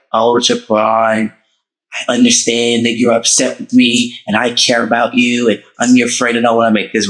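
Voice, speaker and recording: A man hosting his own show, telling a dramatic personal story to his viewers in a casual, animated way. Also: fairly low pitch, low-quality recording. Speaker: host.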